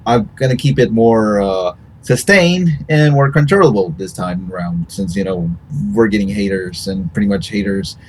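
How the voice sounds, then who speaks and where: A male host and streamer chatting casually after his show, his lower voice backed by a faint hiss. He talks haltingly, restarting lines and hunting for words. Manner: halting, many restarts and fillers. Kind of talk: casual post-show chat.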